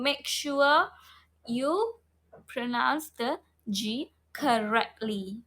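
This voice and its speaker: Slow, high-voiced woman teaching phonics. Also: expressive, sharp tone. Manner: repeats each sound many times, checks in with "okay?"; models mouth shape and breath for learners. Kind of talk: online phonics lesson.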